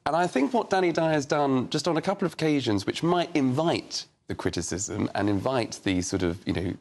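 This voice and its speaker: Deep-ish voiced guy on a panel, measured critical take. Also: vocal fry. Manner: measured, mildly critical opinion. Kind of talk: panel discussion.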